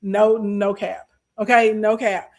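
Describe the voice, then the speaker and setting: A young adult woman, casually telling a story to her live stream chat, sassy and animated. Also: mid-range voice, slow pace, slight background noise. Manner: animated, sassy, acts out quoted voices.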